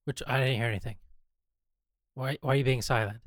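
A performer playing a bossy, condescending young male radio host in a comedic audio sketch, talking deadpan and teasing his sidekick. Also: medium pitch, fairly quick, no echo, clean studio sound, close to an everyday voice.

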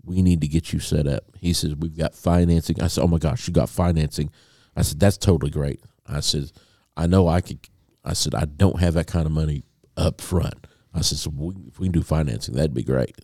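A man co-hosting a podcast, telling a long story in a casual, animated way and acting out a phone call. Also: extremely low pitch, fairly quick, no room sound, studio quality. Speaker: podcast co-host.

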